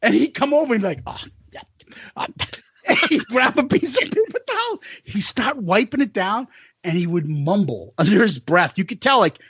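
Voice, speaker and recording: Middle-aged male podcast co-host, high and lively, laughs a lot, swears freely. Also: a little fast, husky, no room sound. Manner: laughs through his stories, profane and animated. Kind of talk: casual chat, storytelling.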